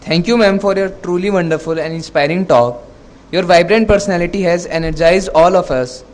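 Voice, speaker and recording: A man hosts the event from the stage. His voice sits high for a man, and he delivers polite, scripted thanks to the previous speaker. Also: a little fast, a little mellow, a little hiss or hum. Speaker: event anchor. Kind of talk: formal compering.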